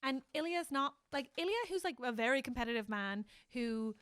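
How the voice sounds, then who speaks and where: Woman, podcast co-host, bright and forceful tone, slightly high voice, dry close sound, excitable, laughs often. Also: brisk, clean tone, no echo. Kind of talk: casual chat.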